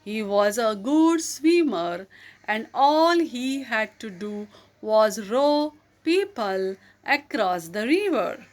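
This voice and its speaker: Slow-reading woman with a high voice. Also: animated. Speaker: storyteller. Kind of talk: children's story read aloud.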